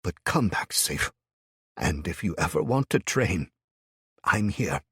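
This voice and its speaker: A man voicing a kindly older sword trainer who talks in a warm, fatherly way, calling the hero lad and son, in an audiobook. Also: sits low, very animated, slow pace, slightly rough, no echo, clean studio sound, heavily acted. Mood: kindly, concerned. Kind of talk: audiobook character voice.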